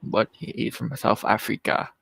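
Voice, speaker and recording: A man's voice: fairly low pitch, fairly even intonation, normal speed, vocal fry, fairly bright tone, slight background noise. A man co-hosting a casual livestream chat, laid-back and amused, swearing now and then. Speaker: podcast co-host.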